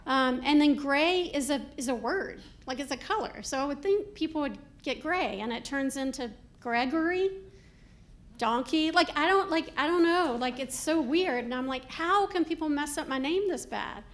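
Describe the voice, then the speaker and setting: A high-pitched woman works a comedy club crowd in a stand-up set. She is middle-aged and talks in a chatty, animated way, with plenty of "like" asides. She is heard through a handheld stage mic. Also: normal speed. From Georgia, US.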